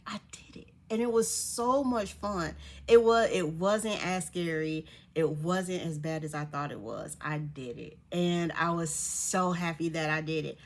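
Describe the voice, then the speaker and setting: Young adult woman, lowish register, casual storytelling vlogger; animated, laughs a lot, acts out other people's lines. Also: unhurried. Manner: animated, laughs often, voices others in quotes.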